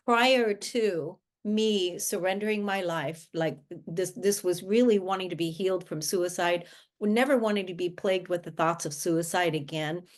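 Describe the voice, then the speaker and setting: A woman's voice: on the low side, moderate pace. A woman guest, a life coach, speaking earnestly in a conversational interview, often restarting her sentences. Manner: earnest, with frequent restarts and filler words.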